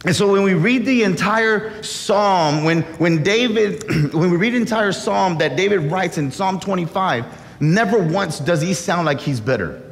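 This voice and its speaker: A man's voice: high voice, lively intonation, a little slow, gravelly, long reverb tail. A man preaching a sermon as pastor, earnest and often repeating and restarting his words.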